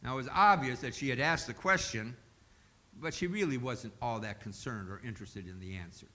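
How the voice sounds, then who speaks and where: A man's voice: mid-range voice, fairly quick, pushed and bright. A male pastor preaching a sermon in a folksy, joking storytelling manner in a church.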